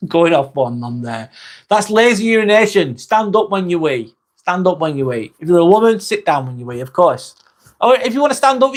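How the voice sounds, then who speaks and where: An English man hosting a casual live chat, reading out viewer comments and answering them in a blunt, jokey way, swearing freely and chuckling often. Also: on the high side. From England. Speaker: live stream host.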